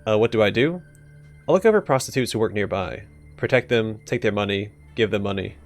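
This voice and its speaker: Man reading a gruff game pimp, scornful and dry, with soft music underneath. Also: on the low side, a little fast, natural voice. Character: gruff middle-aged male pimp, irritable and sarcastic.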